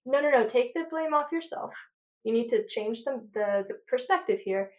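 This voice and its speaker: A woman in her thirties, an audiologist, explaining with animated emphasis and slightly out of breath. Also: fairly high pitch, moderate pace. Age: 30s. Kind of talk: passionate guest explanation.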